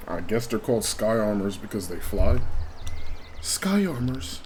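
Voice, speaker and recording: A man's voice: lowish voice, sing-song, measured pace, darkish tone. A man commentating casually on a game he plays, crude and offhand, swearing often. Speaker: gaming streamer. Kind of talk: casual let's play commentary. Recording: faint background noise.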